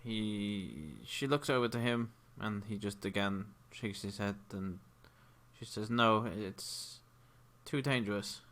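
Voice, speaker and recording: A man narrating a tabletop game as game master, with a measured delivery and frequent ums and uhs. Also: lowish voice, a bit bright.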